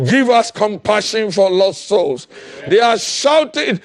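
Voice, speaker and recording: A man preaching a fiery sermon, impassioned and often shouting, with repeated calls to the congregation. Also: high voice, lively intonation, slow, dry recording.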